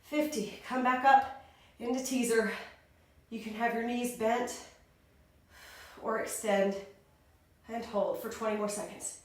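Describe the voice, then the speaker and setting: A woman fitness instructor cues poses and counts reps while short of breath, speaking at an unhurried pace. Her voice is a little higher than most. She sounds set back from the mic in a very echoey room. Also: steady tone, recorded from a distance. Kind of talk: workout instruction.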